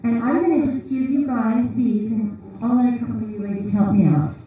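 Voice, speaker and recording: Woman speaker, dark mellow voice, slightly high pitch, rambling humorous sermon, echoey distant hall. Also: fairly quick. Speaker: conference speaker. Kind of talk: informal sermon talk. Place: large church hall.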